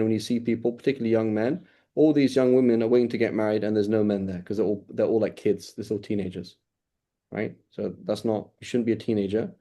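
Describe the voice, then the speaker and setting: A man with a lowish, mellow voice teaches a class in a loose, conversational way. He circles back on his points, repeats phrases for emphasis and keeps checking in with his listeners by asking "right?" after his points. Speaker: religious teacher. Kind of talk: informal classroom lecture.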